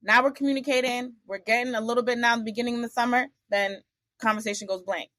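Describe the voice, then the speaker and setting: A woman guest on an interview podcast, telling lively stories about her career, acting out the voices of the people in them, with blunt, salty asides. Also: on the high side, fast talker, no echo. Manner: animated, acts out the other people in her stories. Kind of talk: casual storytelling interview.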